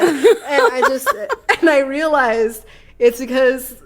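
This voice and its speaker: A woman co-hosting a podcast, talking in a loose, profane, animated way and laughing often. Her voice sits a little higher than most. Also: takes it slowly, slight background noise. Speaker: podcast co-host. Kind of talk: casual podcast chat.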